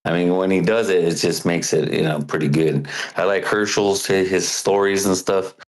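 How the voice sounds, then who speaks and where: A longtime caller talking in a rambling, halting way, full of fillers and restarts. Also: male voice, sits low, fairly even intonation, rough recording. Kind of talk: casual call-in chat.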